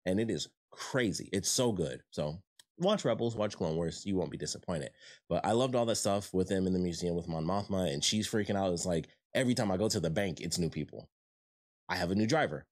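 A man giving a rambling, excited review of a show, full of fillers and restarts. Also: deep voice, a little fast. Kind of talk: casual review chat.

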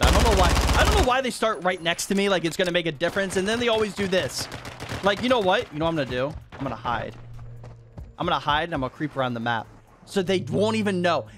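A man hosting a gaming video, giving excitable, chatty commentary and talking to other players as he plays. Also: high voice. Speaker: gaming channel host. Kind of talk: live gameplay commentary. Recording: voice over noisy game audio.

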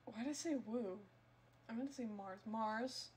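A woman's voice: on the high side, moderate pace, a little mellow, a little hiss or hum. A woman streamer chatting casually with her live chat during gameplay, teasing them and breaking into melodramatic squeals.

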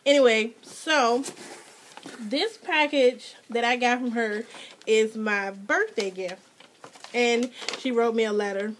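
A mother filming a casual unboxing vlog at home, gushing and excitable, her voice jumping to squeals when she is thrilled. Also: a little high, takes it slowly, slight background noise. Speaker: mother and hobby vlogger. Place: home with children nearby.

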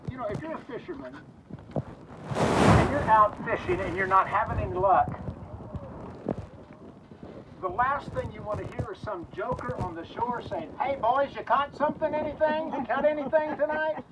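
Folksy man preaching outdoors at a graveside. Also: high-pitched. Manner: folksy storytelling, voices the characters' lines. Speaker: pastor at a graveside service. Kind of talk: graveside sermon retelling scripture. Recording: distant outdoor mic with clear background noise.

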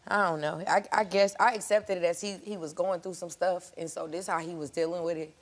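A woman's voice: on the low side, fairly even intonation, fairly quick. A woman, a talk show guest speaking in an earnest, hurt way. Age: 20s. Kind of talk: emotional talk show confession.

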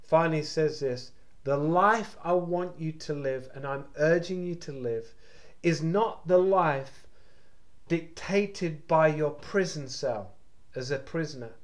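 Male pastor, high-pitched and unhurried, devotional preaching that pleads and repeats. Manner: passionate, urgent preaching with repetitions. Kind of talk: devotional sermon.

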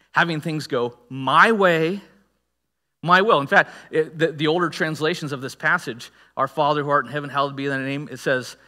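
A male pastor preaching a sermon in a conversational, animated way, leaning hard on key words and tossing in asides to the congregation. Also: on the high side, in a large hall. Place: church auditorium.

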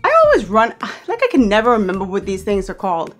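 A woman's voice: medium pitch, wildly swooping pitch, fast, soft background music. A woman from the Bahamas giving a casual, chatty tour of her bedroom, often stopping to correct herself and teasing playfully. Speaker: vlogger. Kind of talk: casual room tour vlog.

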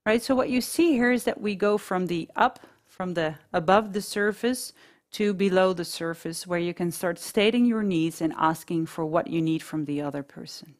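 Calm woman teaching a webinar. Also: lowish voice, moderate pace. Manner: calm, explains with acted example dialogues. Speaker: therapist leading a masterclass. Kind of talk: webinar lesson.

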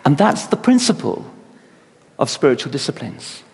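Gravelly-voiced man preaching in a church. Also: fairly high pitch, moderate pace. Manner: animated storytelling, acts out voices. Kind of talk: sermon. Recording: long church reverb.

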